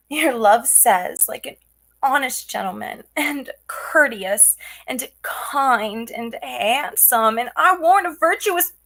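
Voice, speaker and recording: A woman's voice: a little high, fairly bright tone, heavily acted. A woman playing a garrulous old nurse in a Shakespearean stage drama, rambling and theatrical. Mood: teasing. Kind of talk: Shakespearean stage acting over video call.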